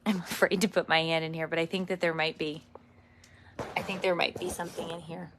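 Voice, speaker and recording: Out in her yard at home, a parenting vlogger talks casually into her phone camera, chatting and calling out to her dog. She speaks a little fast in a low voice with little pitch movement, over background noise.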